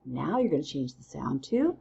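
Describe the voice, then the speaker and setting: A woman teaching a recorded lesson through counting drills, playful and quick to use silly memory tricks. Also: sits low, sing-song, gravelly, dark tone, breathy edge, highs cut off. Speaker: Spanish teacher.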